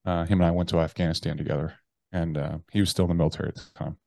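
A man, a podcast guest, telling a personal story bluntly and profanely, with halting restarts. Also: deep voice, steady tone, creaky, mellow, dry recording. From United States. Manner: blunt and profane, with slangy address.

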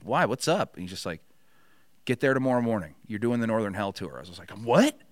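A man's voice: on the low side, fast talker, no room sound, clean studio sound. A middle-aged man telling a long story in a casual chat, swearing freely and acting out what others said. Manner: profane, animated storyteller acting out quotes. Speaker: podcast guest.

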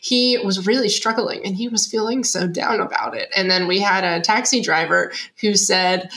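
A woman's voice: medium pitch, fairly even intonation, moderate pace, fairly bright tone. A young adult woman, a guest on an interview show, chatting casually with lots of fillers and frequent laughter. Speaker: podcast guest, digital nomad writer.

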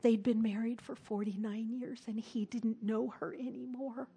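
Middle-aged woman preaching, husky and a bit high, tells it earnest and goes soft and hushed sometimes. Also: steady tone, normal speed, hardly any pauses. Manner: earnest storytelling, drops to a soft hush at tender moments. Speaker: speaker at a church service. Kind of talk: storytelling sermon.

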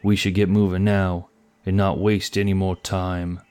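A man doing a gruff, muttering soldier. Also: low voice, level tone, measured pace, darkish tone. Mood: grumbling. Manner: muttering, impatient.

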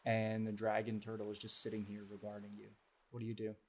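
A man's voice: on the low side, completely flat delivery, brisk. A man narrating a tabletop game as game master, describing scenes in detail. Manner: descriptive, evenly paced narration.

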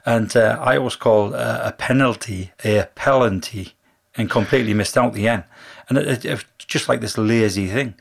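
A man co-hosting a casual sports chat, telling stories and talking fast. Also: on the low side, gravelly, husky. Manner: fast-talking, storytelling, laughing. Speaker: podcast co-host.

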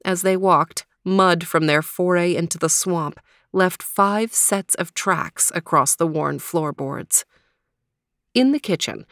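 A woman narrating a children's mystery story in a steady storytelling manner. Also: lowish voice, slow pace, dry recording, clean studio sound.

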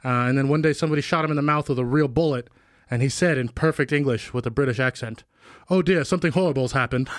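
A man in casual banter, cracking crude deadpan jokes. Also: medium pitch, quick pace, dry recording, clean studio sound.

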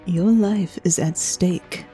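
A woman voicing a grave noblewoman who speaks slowly and gravely. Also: lowish voice, steady tone, dark tone, faint music behind, low-quality recording. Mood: grave warning. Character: grave noblewoman, sister and leader.

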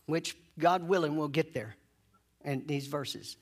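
A man preaching a sermon, leading call-and-response and drawing out key phrases slowly. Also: a little high. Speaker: pastor.

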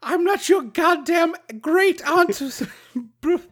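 A podcaster voicing a lusty, tiny fairy woman who crudely demands a kiss, in a shrill, brash voice. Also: drawn-out words, exaggerated voice. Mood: crude, demanding.

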